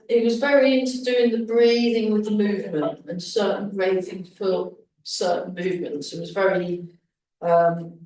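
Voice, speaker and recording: A woman leading a beginners' tai chi class, calling breathing cues and chatting between movements. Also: mid-range voice. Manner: calm breathing cues mixed with chatty asides. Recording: very echoey hall, mic far off.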